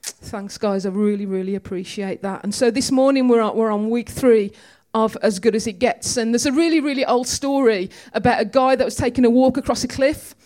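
A woman's voice: a little high, fairly quick, darkish tone. Chatty woman preaching. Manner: chatty, storytelling, with humor. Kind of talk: conversational sermon. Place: church.

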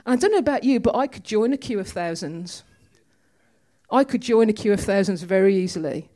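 A woman's voice: mid-range voice, lively intonation, a little fast, dark tone. A woman giving a conversational, storytelling sermon in a church. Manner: chatty, storytelling, with humor. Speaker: preacher.

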